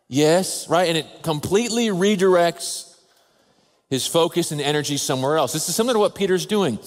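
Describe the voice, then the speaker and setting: A man, a father of a toddler, preaching a sermon in an earnest, measured way with slow, emphatic pauses. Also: fairly high pitch, expressive. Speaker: pastor. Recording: long reverb of a large hall.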